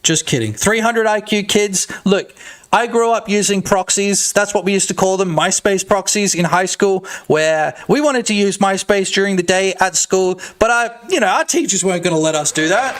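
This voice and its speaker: A man in his thirties with an Australian accent, chatting loosely on a game dev stream, joking, swearing and breaking into loud shouts. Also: high-pitched, normal speed. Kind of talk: casual live-stream chat.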